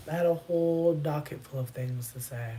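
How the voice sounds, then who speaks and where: A vlogger in a loose stream-of-consciousness chat, telling stories in a profane, slangy way that keeps leaping up into high exclamations. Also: normal speed, warm tone, a little hiss or hum.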